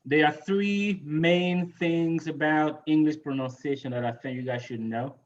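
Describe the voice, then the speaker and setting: Guy teaching english on a video call, kinda high voice, muffled lo-fi sound, says you know a lot. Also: steady tone, a little slow. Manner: casual, repeats "you know" and "right?". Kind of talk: online class teaching.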